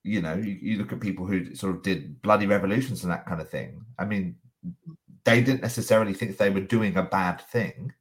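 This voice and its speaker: A man's voice: low voice, brisk. A middle-aged man with a cold, talking in a thoughtful, hesitant way in a reflective conversation. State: has a cold, coughing.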